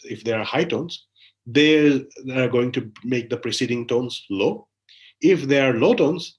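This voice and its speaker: A man presents research in an academic lecture, heard over a video call. His voice sits at a middle pitch and climbs sharply whenever he opens a new point. He often stops for "like, you know" and repeated "uh, uh" while thinking. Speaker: linguistics lecturer.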